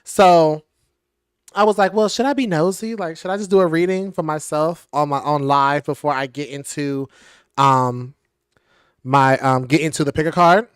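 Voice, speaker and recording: A young adult man, telling a rambling, animated storytime as a tarot channel host, recorded on a device mic while sitting on the floor at home. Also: a little high, moderate pace, clean tone, no echo, clean studio sound. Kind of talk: casual storytime chat. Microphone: device mic at a distance, no clip-on mic.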